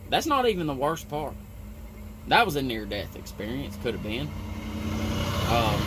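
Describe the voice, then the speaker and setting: A man's voice: mid-range voice, fairly bright tone, a little hiss or hum. Rambling, profane working man. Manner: rambling and profane, with lots of "you know". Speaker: tree-trimming crew worker. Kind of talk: casual storytelling.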